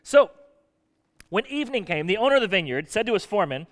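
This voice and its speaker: A man's voice: sits high, big pitch swings, quick pace, fairly bright tone. A man preaching a sermon, talking conversationally and putting questions to his congregation. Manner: conversational, asks the audience questions. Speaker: pastor. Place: church hall. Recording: echoey hall.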